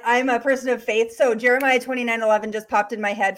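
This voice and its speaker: An enthusiastic woman co-host of a live stream who says her points with conviction. Her voice is fairly high and eager. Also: fairly even intonation, quick pace, few pauses, fairly bright tone. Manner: enthusiastic, emphatic.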